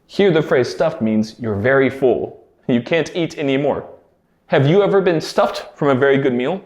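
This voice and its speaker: A man teaching everyday English phrases, explaining clearly and slowing down to model each one. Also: medium pitch, expressive, a little mellow, highs cut off. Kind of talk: English pronunciation lesson. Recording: roomy echo.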